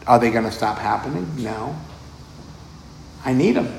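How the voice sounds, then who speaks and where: A man gives a relaxed dharma talk as a meditation teacher. He speaks at an average pitch in a loose, conversational way, doubling back on words and breaking into chuckles. The voice rings in a roomy space with faint noise underneath. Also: normal speed, gravelly.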